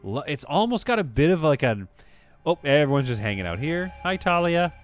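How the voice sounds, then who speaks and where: A man rambles through live-stream commentary over a management game, talking to his chat in a loose, easygoing way. His voice sits at an ordinary middle pitch. Faint music plays underneath. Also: big pitch swings, fairly quick. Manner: chatty, rambling, reads chat aloud.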